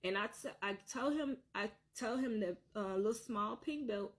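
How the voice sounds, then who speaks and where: A woman's voice: medium pitch, normal speed. A woman telling her own painful story on a vlog, earnest and repetitive, circling back to the same points. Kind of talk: emotional personal storytelling.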